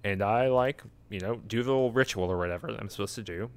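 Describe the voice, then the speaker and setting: A man's voice: fairly low pitch, fast talker, clear, resonant tone. A sleepy man in casual chat, rambling and chuckling as he retells a video game and quotes its characters. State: sleepy, yawning.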